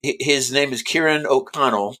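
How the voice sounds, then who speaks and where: A man's voice: medium pitch, normal speed, pushed and bright. A man being interviewed as an author, talking in a chatty, emphatic way and often repeating himself. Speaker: author guest. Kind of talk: casual interview chat.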